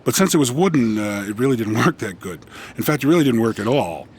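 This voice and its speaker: A man's voice: mid-range voice, animated, fast, a little mellow, slight background noise, lightly acted. An actor playing a wisecracking male lab rat, an anti-smoking mascot, telling a rambling stand-up bit in an offhand, hesitant way. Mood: deadpan. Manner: offhand, meandering, hesitant delivery.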